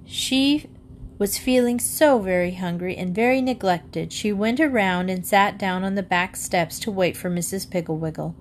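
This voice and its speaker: A woman reading a children's book aloud, with lively storytelling. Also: a little hiss or hum. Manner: lively storytelling, raises pitch for the girl's lines. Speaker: reader.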